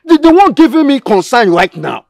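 A man's voice: extremely high pitch, big pitch swings, moderate pace, gravelly, a little mellow, slight background noise, full character voice. An actor with a Nigerian accent playing an anxious young married man torn between his mother and his wife, pleading. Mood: worried.

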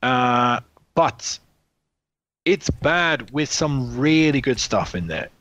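Man, podcast co-host, lively pitch, dry close mic, blunt and sweary. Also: takes it slowly, no echo. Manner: blunt, swears freely, many restarts. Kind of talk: casual film chat.

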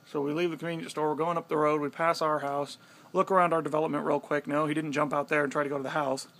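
Young guy, gravelly and a bit high, animated storyteller who swears casually. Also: fast. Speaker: vlogger.

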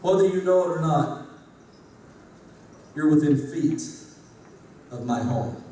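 Guy preaching w a high voice, big repeating rhythm, loud then hushed, recorded far off in a really echoey hall. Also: slow pace. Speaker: former pastor giving a talk. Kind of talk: preacher-style speech to an audience. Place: large hall with a live audience.

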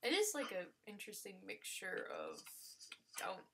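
A woman giving live gameplay commentary, excitable and gushing, with frequent exclamations and casual swearing. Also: mid-range voice, normal speed, slight background noise. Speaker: let's player.

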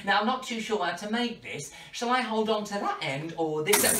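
A woman hosting an interactive children's party show, playful and animated as she coaxes the kids to join in. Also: mid-range voice, normal speed, few pauses, distant mic, background noise. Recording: echoey room, voice from off-mic.

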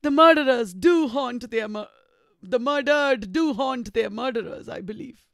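A woman's voice: on the high side, animated, measured pace, no echo, clean studio sound. A woman with an Indian English accent reading the part of a tormented, grieving man in an impassioned dramatic reading. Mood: anguished.

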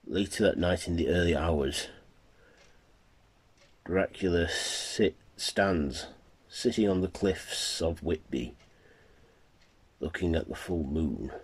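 A man narrating an amateur horror fan story in a plain, halting way. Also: sits low, slightly rough. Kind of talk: amateur fan-fiction reading.

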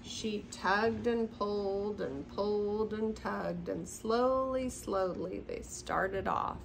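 An older woman reading a picture book aloud at home in a gentle, expressive storytelling manner. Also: mid-range voice, takes it slowly, vocal fry, background noise. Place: seated in a chair at home.

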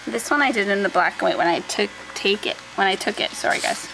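A young woman vlogger showing her handmade scrapbook albums in a soft, chatty way, often trailing off and starting over. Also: medium pitch, fast talker, gravelly. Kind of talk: casual show-and-tell. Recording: faint background noise.

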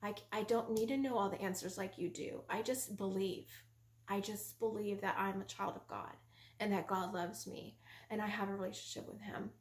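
A woman voicing her calm, earnest husband in a soft, patient voice. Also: medium pitch, moderate pace, natural voice. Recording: roomy echo.

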